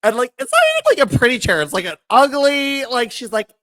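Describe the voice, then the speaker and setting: A man co-hosting a podcast in casual chat, animated, laughing often and acting out what others say. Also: very high-pitched, a little fast, no echo. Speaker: podcast co-host.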